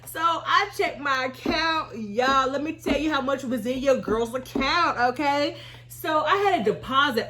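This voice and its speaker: An animated woman in her thirties tells a personal story straight to camera. She sits a little above the usual pitch for a woman and keeps her delivery expressive, acting out her own reactions as she goes. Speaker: YouTuber and Army veteran. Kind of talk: storytime vlog.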